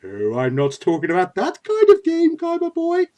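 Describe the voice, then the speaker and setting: A man voicing a flamboyant, creepy male villain in a high, sing-song, leering voice. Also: wildly swooping pitch, moderate pace, warm tone, exaggerated voice.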